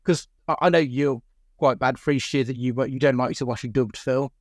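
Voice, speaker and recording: A man's voice: mid-range voice, brisk, no room sound, studio quality. A man from England co-hosting a podcast, speaking steadily and steering the conversation in casual chat. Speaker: podcast co-host.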